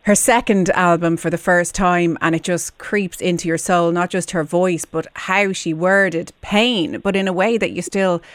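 Woman, radio host, lower voice, smooth, dry studio. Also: fairly even intonation, unhurried, few pauses, dry recording. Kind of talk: live radio interview. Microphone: studio microphone.

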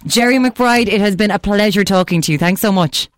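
A woman's voice: mid-range voice, fairly quick, no room sound. An Irish woman hosting a casual radio show, chatting, laughing easily and reading out listener messages from a studio mic. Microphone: studio microphone.

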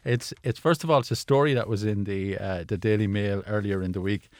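A film critic, his voice sitting a little low and recorded close and dry in a studio. He talks in a casual, halting way, full of restarts and fillers. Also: no room sound. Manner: hesitant, many restarts and fillers. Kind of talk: casual radio chat.

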